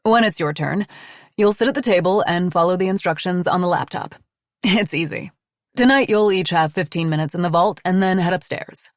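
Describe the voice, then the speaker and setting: A woman's voice: on the low side, normal speed, no room sound, studio quality, natural voice. A woman voicing a poised female hostess of a mansion, dramatic and eager to please. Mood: instructive.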